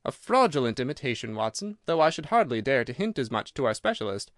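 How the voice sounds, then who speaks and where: A man reading an audiobook, voicing a cool, incisive detective who reasons in a crisp, assured way. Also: medium pitch, sing-song, fast talker, no room sound, studio quality, lightly acted. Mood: explaining.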